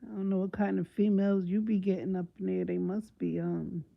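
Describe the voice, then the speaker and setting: A woman hosting her own live stream, reacting to what she reads with loud, teasing, disbelieving commentary full of slang. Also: mid-range voice, little pitch movement, a little fast, vocal fry, narrow, tinny audio. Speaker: livestream host.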